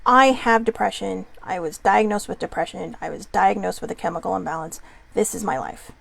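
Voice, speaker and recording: Earnest woman with a gravelly voice. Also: mid-range voice, a little fast. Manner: earnest and heartfelt, tender at times. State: holding back tears. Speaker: host. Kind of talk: personal vlog monologue.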